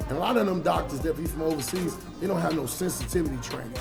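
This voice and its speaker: A man's voice: fairly high pitch, fast, vocal fry, over music. Profane, blunt storyteller man. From Chicago. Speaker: comedian, guest. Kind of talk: storytelling in an interview.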